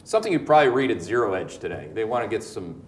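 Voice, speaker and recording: A man with a Canadian accent hosting a market commentary show, talking in an animated, emphatic, joking way that circles back on itself. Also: on the low side, racing, slight background noise. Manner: animated, emphatic, jokey, repeats words. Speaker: host. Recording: echoey room.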